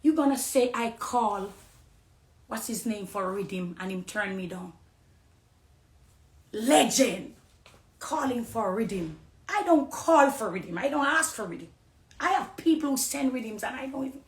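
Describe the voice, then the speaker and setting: A woman's voice: fairly high pitch, animated, a little slow, long pauses, roomy sound. Impassioned Jamaican woman testifying. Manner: preachy, swings from hushed confiding to loud accusing. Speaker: dancehall artist on a live stream.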